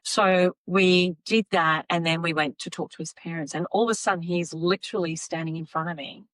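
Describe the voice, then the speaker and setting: A woman's voice: on the low side, a little fast, no echo, low-quality recording. A woman telling stories as a podcast guest, acting out the voices of people in them. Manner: animated, acts out voices in her stories. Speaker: podcast guest, psychic medium. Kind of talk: casual storytelling.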